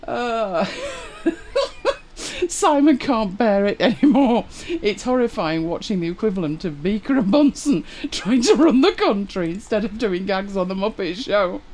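Woman, livestream host, casual chat, lively pitch, wry, exasperated. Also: measured pace. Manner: chatty, laughing, wry and exasperated. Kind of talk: casual chat with live viewers.

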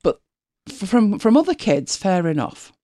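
A woman's voice: mid-range voice, sing-song, unhurried, mellow, no room sound, clean studio sound. A middle-aged woman chatting casually as a podcast co-host, laughing often and telling stories with animation. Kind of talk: casual chat.

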